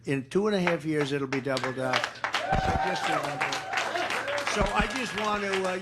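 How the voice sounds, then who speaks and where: An older man giving rambling, boastful off-the-cuff campaign remarks in a crowded room, repeating his phrases. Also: on the high side. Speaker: campaigning politician. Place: large indoor room with a crowd. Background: crowd noise.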